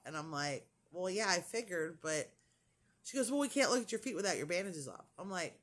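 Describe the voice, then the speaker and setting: A woman chats to her viewers in a loose, rambling way, retelling a story and acting out what everyone said. Her pitch swings widely as she talks, full of likes and ums. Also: fairly quick. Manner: animated, retells dialogue with lots of "like" and fillers. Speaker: crafting vlogger. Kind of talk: casual storytelling chat.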